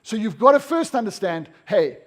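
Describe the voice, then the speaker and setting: A South African man giving an energetic, emphatic seminar talk to a live audience in an event room. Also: sits high, moderate pace. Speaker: motivational speaker.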